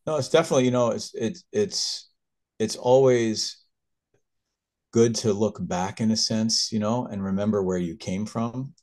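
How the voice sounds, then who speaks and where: A man in his fifties, a physician and guest, telling stories in an animated, earnest way that turns emotional. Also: fairly low pitch, a little slow. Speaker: critical care physician, guest. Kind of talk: conversational storytelling.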